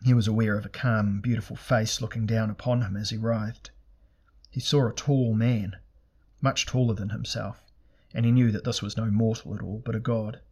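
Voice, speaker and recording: A man narrating a fantasy audiobook in a steady, measured, dramatic reading. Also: on the low side, husky.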